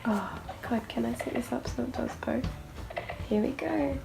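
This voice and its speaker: A woman's voice: on the high side, moderate pace, creaky, music in the background. A woman vlogger giving casual running commentary at home, chatting to her baby dolls and laughing often. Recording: noisy home video recording.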